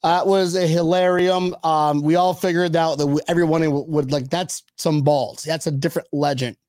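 A young man co-hosting a fan podcast in casual chat, excitable and joking, laughing often. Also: fairly high pitch, moderate pace, no echo, studio quality. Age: young adult. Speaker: podcast co-host.

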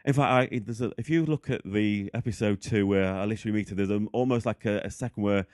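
Male guest, lowish voice, dry close sound, gushing and scattered, keeps losing his thread. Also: fast, dry recording. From England. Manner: excitable and rambling, loses his train of thought. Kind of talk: casual interview chat.

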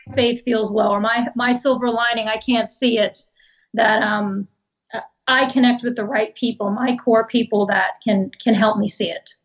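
A woman with a fairly high voice speaks on a leadership panel. She sounds upbeat and optimistic, pausing on fillers as she thinks. The recording is dull and lo-fi. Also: steady tone. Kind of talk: conversational panel discussion. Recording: dull lo-fi audio.

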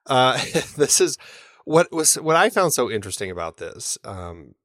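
A man's voice: mid-range voice, big pitch swings, unhurried, fairly bright tone, no echo, clean studio sound. A man co-hosting a podcast, chatting casually and enthusiastically with plenty of fillers and restarts. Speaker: podcast co-host. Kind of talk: casual chat.

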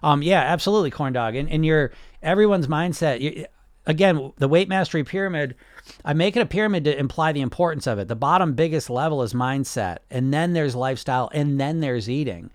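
A fairly high-pitched man, also a weight loss coach, hosts a casual unscripted podcast at a fairly quick pace, recorded dry and at studio quality. He talks bluntly and passionately, swears often and keeps restarting his sentences.

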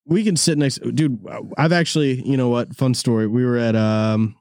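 This podcast host speaks at normal speed with medium pitch, fairly even intonation, and a slightly mellow tone, telling casual, rambling stories. He swears freely, laughs often, and casually calls people "dude." A corded studio mic in a studio room gives studio quality with no room sound.

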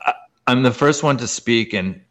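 A man from Canada, a guest author, telling personal stories in casual conversation, animated and full of "like" fillers. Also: moderate pace. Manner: animated, pitch jumping up in excitement; heavy use of "like" as filler.

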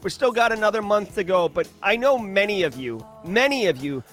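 A man hosting a casual daily news livestream, talking in an animated, ranting way with many fillers and restarts. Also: high voice, brisk, soft background music.

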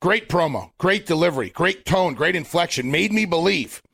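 A man's voice: fairly high pitch, lively intonation, moderate pace, vocal fry, fairly bright tone, husky. A man co-hosting a wrestling podcast, giving blunt, opinionated takes with some swearing in casual chat.

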